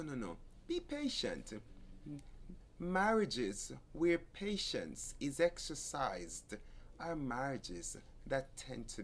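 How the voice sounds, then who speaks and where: A man's voice: medium pitch, slight background noise. A man, a pastor giving marriage advice in an easygoing talk-show chat, often laughing. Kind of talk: casual marriage counseling talk.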